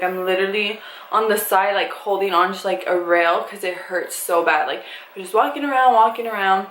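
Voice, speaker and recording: Young woman, vlogger, casual storytime, animated, acts out quotes, echoey room, faint background hiss. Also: mid-range voice. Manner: animated, swears freely, acts out quoted dialogue.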